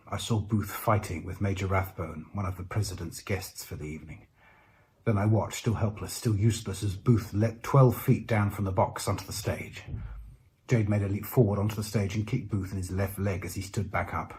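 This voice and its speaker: A man narrating a first-person story aloud in a measured, reflective way with dramatic pauses. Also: sits low, a little mellow, slight background noise. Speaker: narrator voicing the lead character. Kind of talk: first-person audiobook reading.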